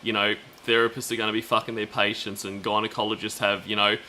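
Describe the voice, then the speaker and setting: An Australian man co-hosts a casual chat in an easygoing, curious way. His tone is bright and forward, and a faint hiss runs behind him. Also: fairly low pitch, little pitch movement, fast talker. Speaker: co-host.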